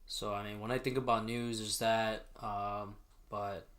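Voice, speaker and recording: A man co-hosting a casual podcast, talking in an energetic, rambling way, often dropping soft and low at the end of a thought. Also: unhurried. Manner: energetic, rambling, trails off softly. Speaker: podcast co-host. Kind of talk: casual chat.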